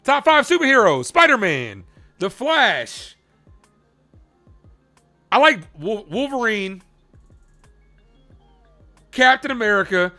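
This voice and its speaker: A man hosting a live baseball stream, chatting casually with viewers while calling the pitches in an animated way. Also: takes it slowly, pauses often, soft background music. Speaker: live play-by-play streamer and host.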